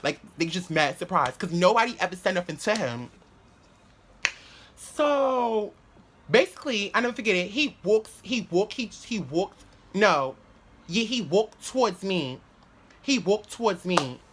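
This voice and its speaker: A man's voice: sits high, expressive, a little slow, a bit bright. A young man spins a rambling story straight to camera. He talks in heavy slang with plenty of swearing and stumbles through restarts. There is a faint hiss under his voice. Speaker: vlogger.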